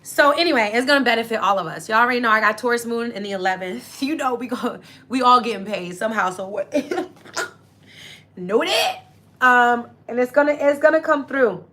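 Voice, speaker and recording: A woman's voice: on the high side, expressive, brisk, pushed and bright. A young woman hosting a casual astrology talk, effusive and grateful, speaking directly to her viewers and getting teary with happiness. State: tearful with happiness. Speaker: astrology livestream host.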